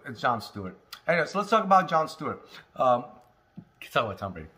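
A man hosting a casual cannabis talk, high and rambling, swearing freely, joking and coughing between lines. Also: very animated, fast, long pauses, pushed and bright, a little hiss or hum. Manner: rambling, profane, jokey, with laughs and smoker's coughs. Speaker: cannabis review host. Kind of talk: casual stoned monologue.

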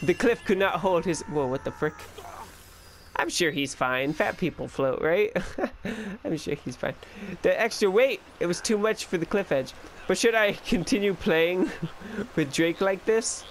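A man's voice: high-pitched, lively intonation, measured pace, slight background noise. Giggly young man joking through a game. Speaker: gaming YouTuber. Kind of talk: casual let's play commentary.

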